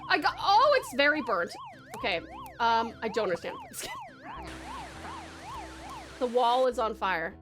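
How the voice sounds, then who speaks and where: A woman's voice: fairly high pitch, wildly swooping pitch, moderate pace, pauses often, over music. An Australian woman from Tasmania streaming a game, frantic, swearing a lot and laughing often. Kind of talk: casual gameplay commentary.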